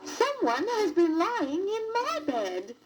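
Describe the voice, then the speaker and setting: A woman voicing a gentle mother bear on a storybook record. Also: very high-pitched, big pitch swings, slow, over loud music, voice pushed up, heavily acted.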